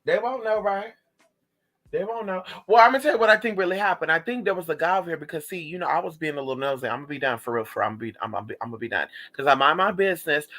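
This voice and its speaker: Man, casual storytime vlog, animated and profane, talks right at the viewers, bright forceful voice. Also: a little high, poor audio.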